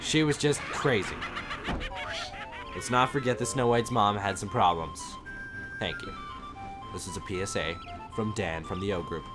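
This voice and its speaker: A man hosting a let's play, commentating in an energetic, rambling, laughing way. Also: lowish voice, normal speed, long pauses, over loud music. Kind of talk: game commentary.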